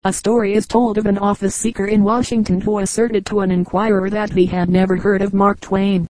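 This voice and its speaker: A woman narrates short comic anecdotes in an even, measured storytelling way. Her voice is mellow and warm. The recording is dry and close, with no room sound around her. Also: mid-range voice, no echo, low-quality recording. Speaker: audiobook reader. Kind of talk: scripted narration of humorous anecdotes.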